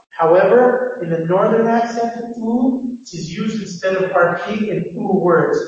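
Male lecturer with a high voice, halting and explanatory, recorded from far off in a roomy hall. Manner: halting, explanatory, many restarts. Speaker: phonetics lecturer. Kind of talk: classroom lecture. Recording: echoey lecture hall, distant dull mic.

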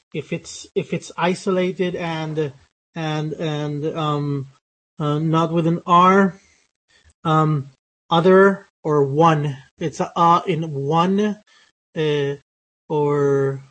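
Hesitant male phonetics teacher. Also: on the high side. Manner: hesitant, many fillers and restarts. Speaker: pronunciation teacher. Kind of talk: live phonetics lesson.

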